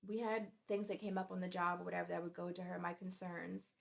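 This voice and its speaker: A woman's voice: lowish voice, little pitch movement, fast, creaky. A woman in her forties telling a workplace story in a chatty, exasperated way. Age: 40s. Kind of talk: casual storytime vlog.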